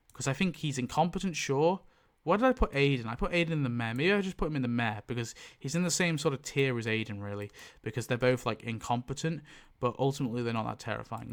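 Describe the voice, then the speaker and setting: A man in casual commentary who rambles and keeps correcting himself mid-sentence. His voice sits at an average pitch but leaps up sharply when he stresses a point. He swears freely and talks in loose, off-the-cuff bursts. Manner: animated pitch jumps for emphasis. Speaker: YouTube tier-list ranker.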